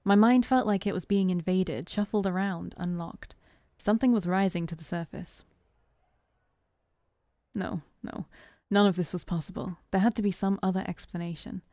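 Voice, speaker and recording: A woman streamer reading a visual novel aloud in an expressive voice, stopping for chatty, self-deprecating asides. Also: mid-range voice, normal speed, no room sound, clean studio sound. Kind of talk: reading game text aloud with casual asides.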